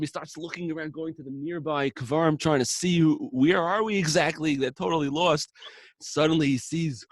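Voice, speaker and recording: A man casually telling a story on a podcast, acting out the characters' quotes in lively voices. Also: fairly high pitch, dry recording, studio quality. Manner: animated, acts out characters' quotes. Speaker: podcast co-host.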